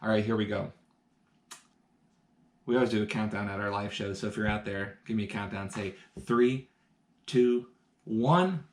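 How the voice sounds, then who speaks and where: A man's voice: fairly low pitch, normal speed, pauses often, a little hiss or hum. A man hosting a live-streamed science lesson, upbeat and talking straight to his viewers. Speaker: science educator.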